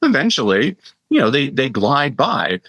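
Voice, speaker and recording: A middle-aged man, a guest educator and speaker, telling lively stories in a conversational podcast interview. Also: medium pitch, slightly rough, no room sound. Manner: animated storyteller, quick asides and impressions.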